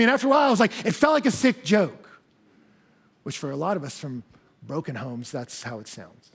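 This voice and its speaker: Husky, animated preacher. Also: male voice, high-pitched, moderate pace. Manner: animated, candid storytelling with self-deprecating humor. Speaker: pastor. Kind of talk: sermon. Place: church service.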